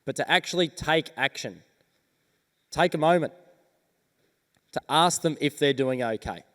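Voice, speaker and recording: Man, motivational speaker, rallying and earnest, slightly raised pitch, hall reverb. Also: measured pace, a bit bright. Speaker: keynote speaker. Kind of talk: motivational talk on stage. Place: large conference hall.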